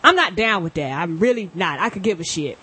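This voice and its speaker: A woman's voice: lowish voice, animated, fairly quick, pushed and bright, breathy edge. Blunt, matter-of-fact female podcast host. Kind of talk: casual chat.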